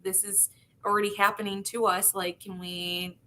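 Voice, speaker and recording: A woman's voice: medium pitch, flat delivery, moderate pace, sharp tone, a little hiss or hum. A woman co-hosting a live podcast panel, speaking casually and hesitantly with frequent restarts. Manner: hesitant, many restarts and "like" fillers. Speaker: podcast co-host.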